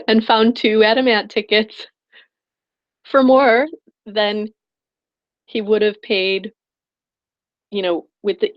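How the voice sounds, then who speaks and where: A spiritual prosperity coach tells a personal story during an online class in a medium-pitched voice, and the audio sounds dull. She rambles in a heartfelt way and restarts often.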